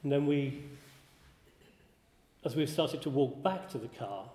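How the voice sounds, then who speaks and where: A man's voice: medium pitch, expressive, a little slow, warm tone. Wry man telling a story in an echoey hall. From northern England. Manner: wry, self-deprecating, chuckling. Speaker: speaker giving a talk. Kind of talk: anecdotal storytelling to an audience.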